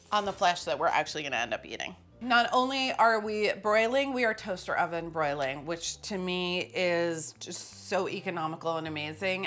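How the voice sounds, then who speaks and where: A woman's voice: on the low side, a bit bright. A woman hosting a cooking show, talking casually and poking fun at herself while she cooks in a kitchen. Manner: chatty and self-mocking, with frequent laughs.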